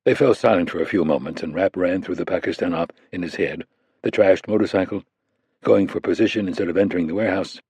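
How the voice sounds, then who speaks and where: A man reading a thriller audiobook aloud in a measured, steady narration. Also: sits low, husky, no echo. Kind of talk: scripted narration.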